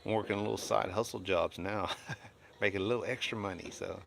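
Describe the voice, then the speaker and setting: A man's voice: fairly low pitch, fairly even intonation, a little fast, vocal fry, a bit bright, a little hiss or hum. A middle-aged man at home, chatting blunt and opinionated on a live stream as he reads and answers his chat, rambling with restarts. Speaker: livestreamer reading and answering chat.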